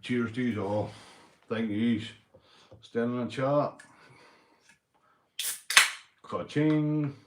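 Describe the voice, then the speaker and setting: A man's voice: mid-range voice, fairly even intonation, slow pace, noisy background. A man with a Northern Irish accent hosting a rambling livestream chat, tipsy from beer, boisterous, swearing and laughing a lot. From Northern Ireland. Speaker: livestream host. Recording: echoey room.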